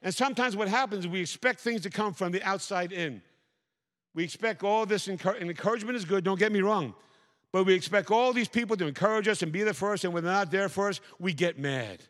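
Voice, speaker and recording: An older man delivers a sermon as pastor, driving his points home through repetition and rising fervor. His voice sits somewhat high for a man. The sound rings with the long reverb of a church hall. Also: fairly quick, fairly bright tone. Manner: emphatic preacher, repeats phrases, rising to fervor.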